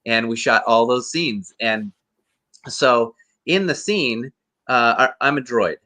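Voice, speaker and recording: A man who is a guest actor, telling animated anecdotes in a casual interview with many restarts. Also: medium pitch, takes it slowly.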